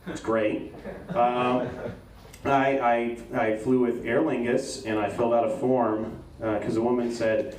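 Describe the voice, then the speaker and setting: A man's voice: mid-range voice, flat delivery, unhurried, a little mellow, slight background noise. An American man performing a stand-up comedy set in a club, telling stories in a dry, self-deprecating way. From United States. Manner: dry, self-deprecating storytelling with quoted exchanges. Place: comedy club in front of a live audience. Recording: roomy club sound from a distant mic.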